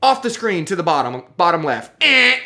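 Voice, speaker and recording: A video host giving casual, ranting commentary over a screen share, animated and sarcastic, often checking in with the viewer. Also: medium pitch, moderate pace, vocal fry. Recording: roomy echo.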